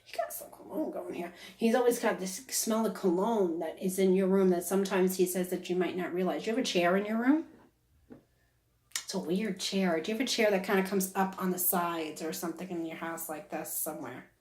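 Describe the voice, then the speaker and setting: A woman's voice: lowish voice, fairly quick, darkish tone. A woman giving a casual psychic reading who talks on and on and keeps checking "is that correct?". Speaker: psychic medium. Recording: roomy echo.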